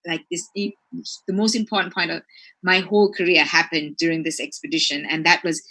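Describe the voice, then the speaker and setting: A woman from Sri Lanka, a marine biologist, telling a lively story in conversation and peppering it with "right?" and "like". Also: on the low side. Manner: chatty, fillers like "right?" and "like".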